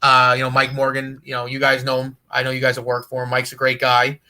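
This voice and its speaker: A man guesting on a podcast, telling a profane, animated road story and laughing as he goes. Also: mid-range voice, fast talker. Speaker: guest wrestler. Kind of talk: casual storytelling.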